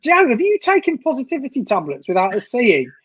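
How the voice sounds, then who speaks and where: A woman's voice: on the high side, wildly swooping pitch, brisk, breathy edge, no echo, lo-fi sound. A woman co-hosting a football reaction stream, chatting casually with dry, teasing banter. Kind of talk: casual live match reaction chat.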